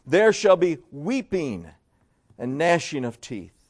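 A man preaching a sermon as pastor, dramatic, swinging between loud emphasis and hushed low tones and stretching out words for weight. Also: big pitch swings, slow.

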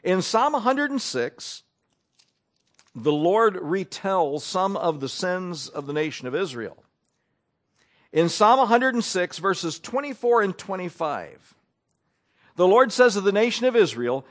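A man preaching a sermon with a fairly high voice that swings widely up and down. He talks conversationally and keeps asking his listeners questions as he works through scripture. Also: big pitch swings, unhurried.

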